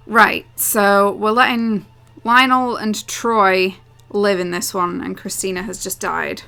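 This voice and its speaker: Bright-voiced woman, casual game commentary. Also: medium pitch, steady tone, takes it slowly, creaky, faint music behind. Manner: casual, giggly asides. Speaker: let's play host.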